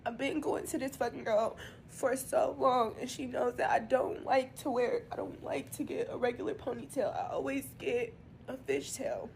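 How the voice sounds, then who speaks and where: Brief: woman, crying and furious, ranting in a noisy phone clip; high voice, heavy swearing. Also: steady tone, moderate pace, gravelly, darkish tone. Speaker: upset customer in a posted clip.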